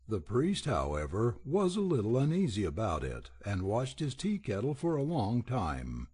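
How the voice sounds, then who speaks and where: A man narrating a children's folk tale with expressive storytelling. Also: fairly low pitch, moderate pace, hardly any pauses, breathy edge. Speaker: audiobook reader.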